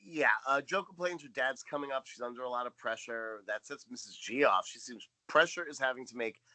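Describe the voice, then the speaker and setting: A man's voice: medium pitch, fairly quick, bright, forceful tone. A man co-hosting a podcast in casual chat, making dry, joking asides. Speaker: podcast co-host.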